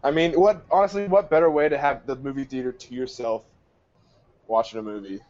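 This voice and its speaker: Halting man on a lo-fi podcast. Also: medium pitch, a little mellow. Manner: halting, lots of fillers. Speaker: podcast co-host. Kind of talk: casual movie podcast chat.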